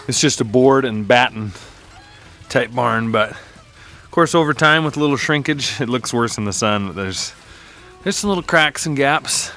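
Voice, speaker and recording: A man's voice: mid-range voice, fairly bright tone. A young man, a cattle rancher, talking casually to the camera while doing morning chores outdoors and in barns on a windy, cold ranch. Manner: chatty and easygoing, with small laughs and groans at the cold. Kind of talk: casual vlog narration.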